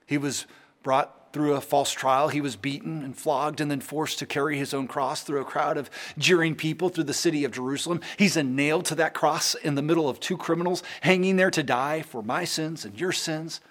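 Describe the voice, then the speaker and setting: Male preacher with a fairly high voice: fervent, conversational sermon with many word repeats. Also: steady tone, normal speed. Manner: fervent, swings between soaring emphatic peaks and hushed lows.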